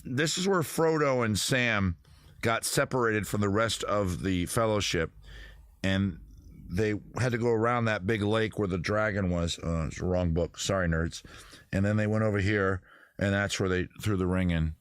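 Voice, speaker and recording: A man hosting a casual live stream, rambling and joking at a close tabletop boom mic. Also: no room sound. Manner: rambling, jokey, self-interrupting. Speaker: host.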